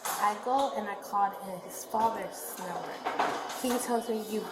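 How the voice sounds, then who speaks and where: A woman's voice: medium pitch, moderate pace, echoey room, a loud crowd, low-quality recording. A woman working an apartment front desk, telling police in a rambling, shaken way what happened and acting out what others said. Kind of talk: recounting events to police. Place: apartment building lobby. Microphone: police bodycam.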